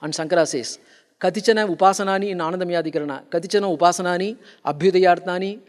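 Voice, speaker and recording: Speaking rapid-fire in a high voice, a man delivers a philosophy lecture in a conference hall, stressing and explaining his points. He keeps repeating and restarting phrases, and the recording carries long hall reverb.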